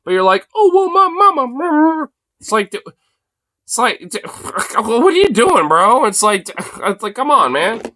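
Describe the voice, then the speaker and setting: Man, livestreamer, crude mocking rant, slangy filler, lively swooping pitch, bright tense tone. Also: a little slow, no echo. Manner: mocking, rambling, crude, slangy with frequent "bro" and "like". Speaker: livestreamer reacting to a broadcast. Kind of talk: casual profane live commentary. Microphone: streaming mic.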